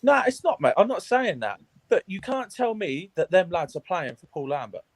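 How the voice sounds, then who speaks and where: Furious sweary fan, high animated voice. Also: male voice, normal speed, no echo. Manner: furious, sweary, blunt, sarcastic. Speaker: guest fan. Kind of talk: heated football fan rant.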